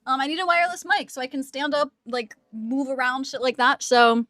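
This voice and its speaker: High-voiced girl streamer, giggly, cooing baby talk to her cat, dry close wireless mic. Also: fairly quick, fairly bright tone, no echo. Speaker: live streamer. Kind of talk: casual stream chat. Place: at home.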